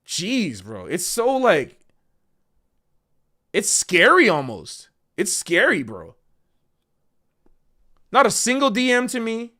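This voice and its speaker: A man's voice: sits high, huge pitch swings, takes it slowly, pauses often, bright, forceful tone. A man who is a jazz musician, ranting casually on a livestream in an emotional, passionate way and calling people bro.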